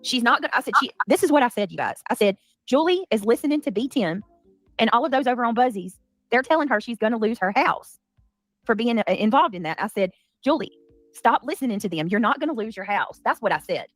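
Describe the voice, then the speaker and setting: A woman hosting a heated livestream, talking fast and defensively with many restarts. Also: fairly high pitch, animated, no echo, faint music behind. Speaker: livestream commentary host. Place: home.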